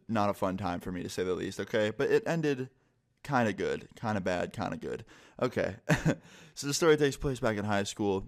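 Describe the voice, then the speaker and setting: A young man vlogger telling a casual, profane high school story time, full of "like".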